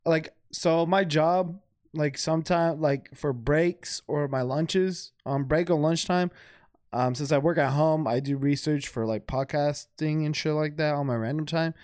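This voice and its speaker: A man's voice: on the high side, measured pace, darkish tone, no echo, clean studio sound. A young man co-hosting a podcast in casual chat, loose and profane, full of fillers. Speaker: podcast co-host. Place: home.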